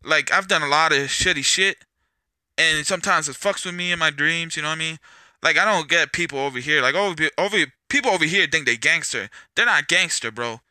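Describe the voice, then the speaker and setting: A man hosts his own podcast in a loose, rambling rant, swearing often and closing his thoughts with "man" or "bro." His voice sits a little high and sounds intensely bright and tense. The recording is completely dry, with no room sound at all. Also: a little fast, no echo. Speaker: podcast host. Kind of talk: casual solo podcast rant.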